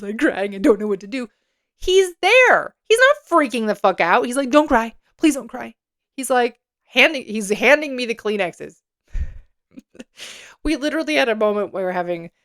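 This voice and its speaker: A woman hosting her own podcast in an unscripted solo monologue. Her voice sits at a mid-range pitch. She speaks candidly and with emphasis, swears freely and often laughs mid-sentence. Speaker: podcast host.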